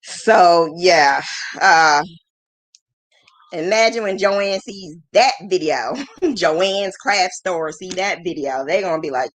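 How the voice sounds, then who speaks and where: A woman's voice: on the low side, slow, pauses often. A woman in her thirties hosting a livestream in casual chat. She rambles frankly, often laughs, and pokes fun at herself. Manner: frank and self-deprecating. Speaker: livestream host.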